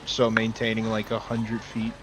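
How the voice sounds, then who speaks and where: A man playing a tabletop game, laying out his moves in a calm, matter-of-fact way. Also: lowish voice, normal speed, noisy background. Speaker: player.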